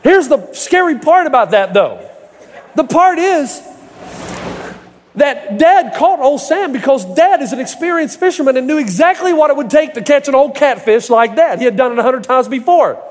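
High-voiced preaching man in a big hall. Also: expressive, moderate pace, a little hiss or hum. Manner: storytelling with folksy humor, rising to emphatic preaching. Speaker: pastor. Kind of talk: sermon. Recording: echoey hall reverb.

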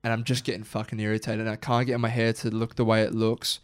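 A young Australian man co-hosting a casual podcast, animated and swearing freely. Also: on the low side, fast. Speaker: podcast co-host. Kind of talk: casual chat.

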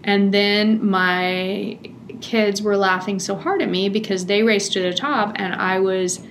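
A middle-aged woman telling a personal family story in a chatty, animated way, laughing often. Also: medium pitch, unhurried, slight background noise. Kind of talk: casual storytelling.

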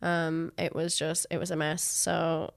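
A woman's voice: low-pitched, completely flat delivery, measured pace, vocal fry, clean tone. A young woman from Australia, a podcast guest, telling her story candidly and emotionally, swearing freely and acting out what others said. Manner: emotional, swears freely, acts out quoted voices.

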